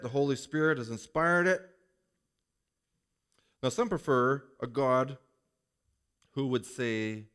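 A male pastor preaching in a church with a lively, swooping delivery. He talks plainly and chattily, tossing rhetorical questions to his congregation. His pitch sits in an ordinary middle register. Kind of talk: sermon.

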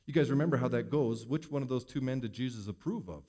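Male pastor, mid-pitched, expressive sermon delivery with loud peaks and quiet asides. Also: fast talker, few pauses. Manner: expressive, swings between loud emphasis and hushed asides.

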